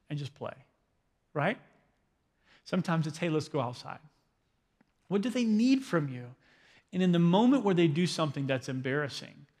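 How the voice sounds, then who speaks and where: A young adult male pastor giving a conversational sermon on parenting, often checking in with "right?". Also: a little high. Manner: conversational, asks the room "right?". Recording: long hall reverb.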